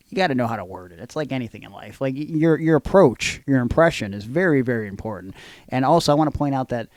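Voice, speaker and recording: A man's voice: medium pitch, no room sound. A man co-hosting a wrestling podcast, talking bluntly and profanely with plenty of fillers. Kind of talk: casual chat.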